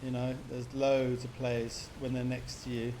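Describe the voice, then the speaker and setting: A man's voice: mid-range voice, monotone, measured pace, warm tone, slight background noise. A man casting a multiplayer strategy game in a loose, chatty way, laughing and teasing the players. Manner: chatty, laughs often, puts on silly voices for players. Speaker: game caster. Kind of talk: casual game commentary.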